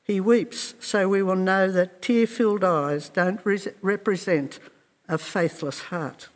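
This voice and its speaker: A man preaching a sermon in a slow, earnest and reflective way, with measured pauses. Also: high voice, steady tone, big-room sound.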